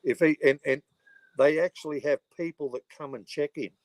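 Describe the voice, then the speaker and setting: A man's voice: a little high, fairly even intonation, normal speed, dry recording. A middle-aged Australian man hosting a livestream, rambling and swearing heavily, with lots of "you know" filler. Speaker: livestreaming channel host. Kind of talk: rambling casual livestream chat.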